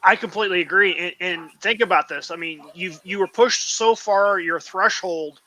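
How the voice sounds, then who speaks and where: A man's voice: sits high, normal speed, bright, forceful tone, poor audio. A man on a panel chat giving emphatic advice, stressing his points and repeating words for weight.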